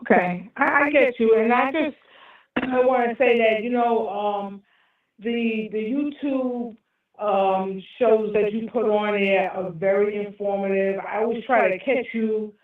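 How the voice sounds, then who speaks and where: An older woman calls in to a live stream, pausing and filling her sentences as she goes. Her voice comes through a tinny phone line that sounds distant and roomy. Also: mid-range voice. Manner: hesitant, halting with many fillers. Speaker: caller.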